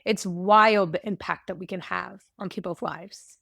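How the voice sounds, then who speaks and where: A woman's voice: on the low side, fairly even intonation, a little slow, creaky, a bit bright, dry recording, studio quality. A woman hosting a conversational interview, supportive, with frequent short affirmations. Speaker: podcast host.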